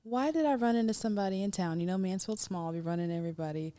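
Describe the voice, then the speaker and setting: Blunt, animated woman in casual chat. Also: medium pitch, very fast. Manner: blunt, animated storytelling with laughter.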